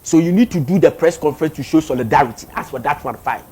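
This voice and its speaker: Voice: mid-range voice, fast talker, slight background noise. A speaker with a Ghanaian accent, commenting animatedly in casual talk and mixing two languages. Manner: animated, switches between Twi and English.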